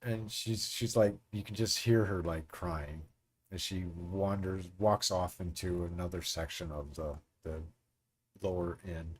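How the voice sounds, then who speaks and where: A man's voice: deep voice, steady tone, unhurried. A man narrating as game master in a tabletop game, often laughing as he narrates.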